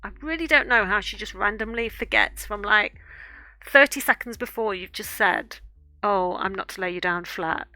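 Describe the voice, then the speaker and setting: A woman's voice: mid-range voice, moderate pace, bright, forceful tone, no room sound, soft background music. A woman art streamer casually telling a rambling story while she draws, with lots of fillers and restarts.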